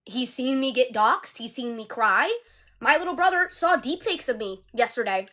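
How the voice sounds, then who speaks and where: A woman's voice: on the high side, animated, moderate pace, pushed and bright. A young woman live streaming from her sofa, animatedly and indignantly retelling a conversation in a casual storytelling style. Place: indoors on a sofa.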